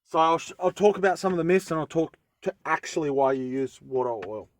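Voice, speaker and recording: A man's voice: fairly high pitch, expressive, quick pace, no room sound. A man chatting casually through a tool-sharpening tutorial, rambling and often interrupting himself. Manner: rambling, self-interrupting, easygoing. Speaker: bushcraft vlogger.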